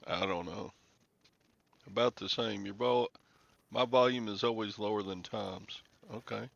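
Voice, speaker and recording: A man's voice: on the low side, fairly even intonation, measured pace, gravelly, dull audio. A man hosting a casual live stream about reselling, grumbling and joking dryly into a headset mic.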